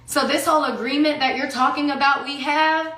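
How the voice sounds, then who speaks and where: A woman's voice: high voice, steady tone, a little fast, sharp tone. A woman in her thirties giving a candid personal account as an interview guest, blunt, profane and impassioned. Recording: roomy echo.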